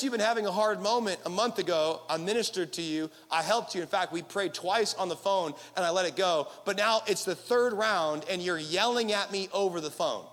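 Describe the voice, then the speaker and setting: A young man preaching a sermon to his congregation, with animated, playful asides to the crowd. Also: high-pitched. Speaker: pastor. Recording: reverberant hall.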